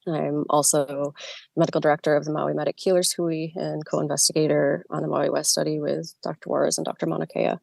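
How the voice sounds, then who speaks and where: Woman, low pitch, gravelly, flat delivery, dry close sound, emotional halting testimony from a car. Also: no echo. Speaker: nurse testifying by video call. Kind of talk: personal testimony. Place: in her car. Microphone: video call.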